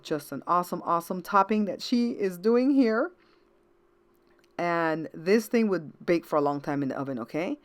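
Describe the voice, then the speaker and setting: A woman's voice: lowish voice, expressive, normal speed. A woman hosting a home cooking show in casual chat, chatty and repetitive, talking to viewers as guys. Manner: chatty, repeats words, addresses viewers as guys.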